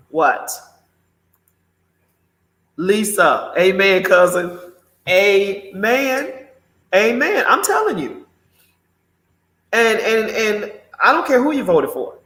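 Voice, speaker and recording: Outspoken high-voiced man hosting a live show. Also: fairly bright tone. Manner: exclamatory, outspoken, talks straight to viewers. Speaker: morning show host. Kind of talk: live commentary, reading viewer comments. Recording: roomy echo.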